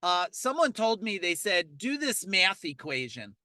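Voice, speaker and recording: A high-pitched male business coach runs a live motivational webinar for an online challenge from a parking lot outside. Fast, energetic and punchy, he keeps repeating key points and urging the audience to reply. The audio is dry and close, with no echo.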